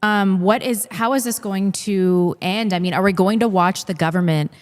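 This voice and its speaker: A woman hosting a casual political talk show, animated and full of fillers. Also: mid-range voice, normal speed, in a large hall. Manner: animated, laughs often, many fillers. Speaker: podcast host.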